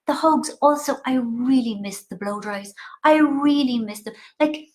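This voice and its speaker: A middle-aged Irish woman talks over a video call with a lively, animated delivery. Her voice sits a little high and swoops a lot. She keeps things casual and full of playful asides. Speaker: author guest.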